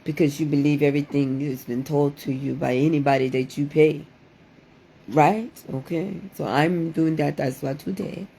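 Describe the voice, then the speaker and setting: A woman's voice: sits low, steady tone, normal speed, vocal fry, dark tone, slight background noise. A woman hosting a playful livestream, exclaiming dramatically and repeating her phrases in a sing-song way. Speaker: livestream host doing card readings.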